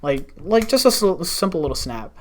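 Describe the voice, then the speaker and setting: Animated young man. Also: a little high, normal speed. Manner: animated, swears a lot, acts out quotes. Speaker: podcast guest. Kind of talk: casual storytelling.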